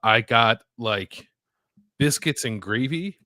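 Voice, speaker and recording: Speaking slowly and expressively in a medium-pitched voice, a man co-hosts a casual podcast chat. He rambles, leans heavily on "like" and "uh," and lets his thoughts trail off softly, all in a dry, clean studio recording.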